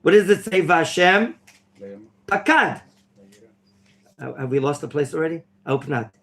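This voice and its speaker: A man teaching an interactive Torah class in a classroom, quizzing his students and now and then bursting into theatrical excitement. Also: a little high, moderate pace. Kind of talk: interactive Bible lesson. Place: classroom at a yeshiva.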